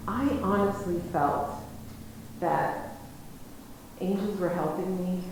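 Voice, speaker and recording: A woman's voice: fairly low pitch, takes it slowly. Rambling American woman in an echoey hall. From United States. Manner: rambling, self-interrupting, many restarts. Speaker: guest lecturer. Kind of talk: personal storytelling lecture. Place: lecture hall. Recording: very echoey hall, faint noise.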